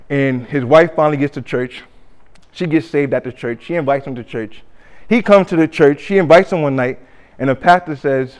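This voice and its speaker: A man preaching a sermon, telling a story with acted-out quotes and swings between loud and hushed delivery. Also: mid-range voice, a little fast. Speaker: pastor.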